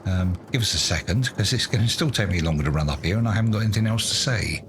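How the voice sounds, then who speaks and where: A man's voice: on the low side, animated, fast talker, noisy background. A man doing let's play commentary, muttering to himself in a self-mocking, exasperated way. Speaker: gaming YouTuber.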